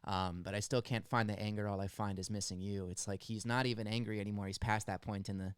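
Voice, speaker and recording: A young man from the United States hosting a music reaction, talking in an earnest, halting way and near tears as he breaks down a song. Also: on the low side, steady tone, clear, resonant tone, no echo. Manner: earnest, halting, stumbles over words. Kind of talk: emotional song analysis.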